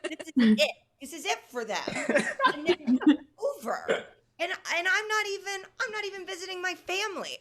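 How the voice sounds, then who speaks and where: A woman from Indiana, in her thirties, performing a stand-up comedy set in a casual, deadpan way with lots of ums. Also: very high voice, normal speed, a crowd in the background. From Indiana, USA. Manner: deadpan, conversational, with filler ums. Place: comedy venue with live audience.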